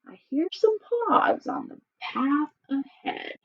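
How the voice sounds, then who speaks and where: A woman doing a slow gullible storybook monster. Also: high voice, animated, highs cut off, slight background noise, pitched above the performer's own voice, exaggerated voice. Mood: gruff. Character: big hungry male monster, gullible.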